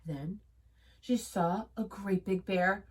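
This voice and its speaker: A woman teacher reading a storybook aloud to children, expressive, gasping and pausing. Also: medium pitch, breathy edge. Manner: expressive, with gasps and pauses. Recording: voice from a distance.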